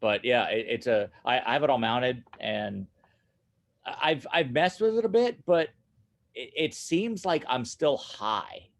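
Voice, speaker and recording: Male guest, middle-pitched, with fry in the voice; loose chatty delivery that keeps restarting itself. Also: measured pace. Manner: laughs often, animated, repeats himself. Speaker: guest, studio owner and drummer. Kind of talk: casual conversation.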